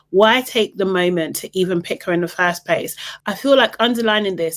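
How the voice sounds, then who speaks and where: An animated woman giving a casual reality TV recap in an opinionated, exasperated way. Her voice sits at an ordinary middle pitch but shoots up high whenever she finds something unbelievable. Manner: voice jumps high when incredulous.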